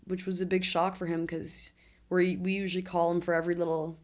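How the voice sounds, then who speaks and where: A woman's voice: on the low side, level tone, brisk, darkish tone. A woman in her twenties, a podcast guest, candidly retelling a traumatic accident, laughing through hard moments. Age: 20s. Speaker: interview guest. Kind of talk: emotional personal storytelling.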